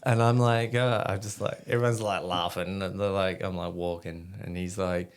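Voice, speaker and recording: A man's voice: sits low, fairly even intonation, normal speed, smooth. An Australian man, a podcast guest, telling rambling, swear-filled stories in casual chat. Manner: swears freely, rambling anecdotes with quoted dialogue. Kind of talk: casual storytelling.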